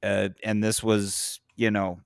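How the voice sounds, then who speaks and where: A man with a somewhat low voice chats casually and swears freely. He turns animated and climbs in pitch when something excites him. The sound is close and dry, with no room around it. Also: slow pace, dry recording. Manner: profane, animated, rises in pitch when impassioned. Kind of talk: casual chat.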